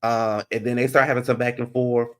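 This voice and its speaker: A man talking through a reality show recap in a sassy, animated way. His voice sits at an ordinary middle pitch. He swings from loud, high outbursts down to low, muttered asides. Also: a little fast, clear, resonant tone. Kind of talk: casual recap commentary.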